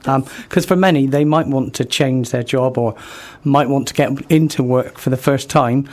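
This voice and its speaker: A man's voice: medium pitch, moderate pace, darkish tone. Man explaining careers support on radio. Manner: informative, with many ums. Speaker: careers service guest. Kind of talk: radio interview.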